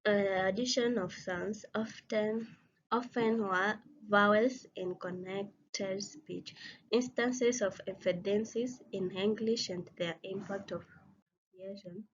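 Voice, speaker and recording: A woman teacher reading a phonetics course outline aloud, slowly and haltingly, often stopping to restart a word. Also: medium pitch, fairly even intonation. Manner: slow, halting reading with frequent restarts on words. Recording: slightly dull, lo-fi recording with faint noise.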